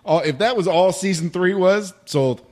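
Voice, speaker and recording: A man's voice: high voice, normal speed. A man co-hosting a casual TV recap chat, emphatic and profane, often repeating words as he restarts. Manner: emphatic, swears a lot, stumbles and repeats words. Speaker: podcast co-host.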